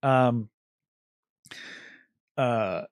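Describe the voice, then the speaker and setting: Co-hosting a film podcast, a man recounts scenes in a casual chat, filling it with ums and acting out quotes. He speaks extremely slowly in a medium-pitched voice, with no room sound.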